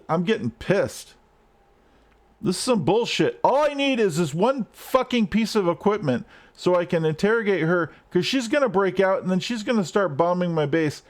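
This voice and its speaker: A man's voice: high voice, lively intonation, moderate pace. A man streaming gameplay live, ranting and swearing at the game as he plays. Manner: frustrated, swearing, rants at the game.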